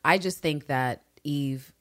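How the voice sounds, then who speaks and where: Brief: deep-voiced woman from New York City, podcast co-host, swears freely, mimics characters mid-recap. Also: takes it slowly. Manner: profane, animated, acts out characters' lines. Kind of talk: casual recap chat.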